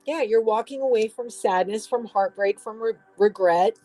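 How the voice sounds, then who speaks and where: A woman's voice: fairly high pitch, moderate pace, dark tone, faint music behind, poor audio. A woman giving a casual tarot reading, rambling and restarting, swearing now and then. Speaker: tarot reader.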